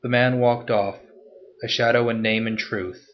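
A man giving a steady, scripted narration of a story. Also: mid-range voice, unhurried, lo-fi sound, a little hiss or hum.

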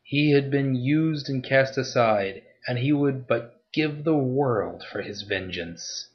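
A man's voice: mid-range voice, takes it slowly. Man narrating a story, dull lo-fi sound.

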